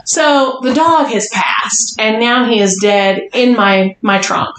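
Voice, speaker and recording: A woman's voice: fairly high pitch, takes it slowly. A woman podcast host telling a story casually, swearing a lot and acting out what people said. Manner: profane, animated, quotes people. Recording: roomy echo, faint noise.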